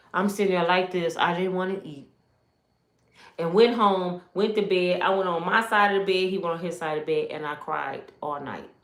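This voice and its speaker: A woman's voice: fairly low pitch, fairly bright tone, echoey room. A woman from Michigan giving an emotional personal testimony, telling her story with animation and speaking straight to her viewers.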